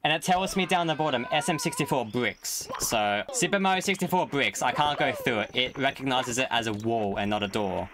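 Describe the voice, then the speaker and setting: A man's voice: medium pitch, brisk, few pauses, a crowd in the background. A young man giving jokey live commentary while playing a video game, talking to the game and to his viewers. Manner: excitable, jokey, talks to the game and chat. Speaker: gaming YouTuber. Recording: game music behind the voice. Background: game music.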